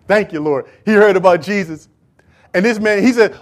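A man preaching a sermon in church, emphatic and full of rhetorical questions, swinging from shouts to hushed asides. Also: sits high, a little fast, long pauses.

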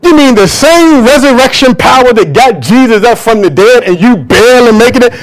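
A man's voice: very high-pitched, expressive, brisk. A man preaching a sermon to a church congregation, emphatic and drawing call-and-response from the crowd. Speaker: pastor.

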